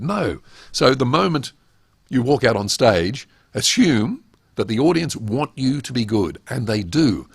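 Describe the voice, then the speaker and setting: A man's voice: medium pitch, sing-song, unhurried, vocal fry, breathy edge, no echo. An older man with an Australian accent hosting a webinar on public speaking, talking emphatically and asking rhetorical questions. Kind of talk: instructional talk.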